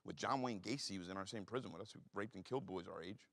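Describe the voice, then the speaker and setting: The voice is lowish, creaky, and fairly bright: a Philadelphia man in his forties with an East Coast accent, guest-speaking through blunt, profanity-heavy stories. He talks fast in a street style, and the recording echoes around a hall.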